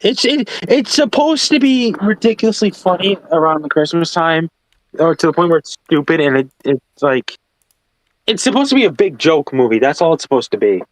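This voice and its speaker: A man streaming, chatting casually with friends and reading out chat comments in an animated, opinionated way. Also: fairly high pitch, moderate pace, no room sound.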